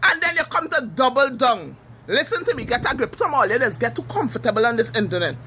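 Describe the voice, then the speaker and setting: A Trinidadian woman giving a heated, cursing social media rant, furious and shouting at times. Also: on the high side, big pitch swings, quick pace, a little hiss or hum. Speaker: TikTok commenter.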